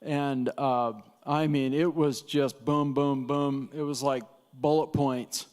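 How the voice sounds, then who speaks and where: A man's voice: mid-range voice, steady tone, slow, a little mellow, smooth. A man teaching an evangelism class at church, telling stories in a chatty way with laughs and restarts. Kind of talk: casual storytelling lesson.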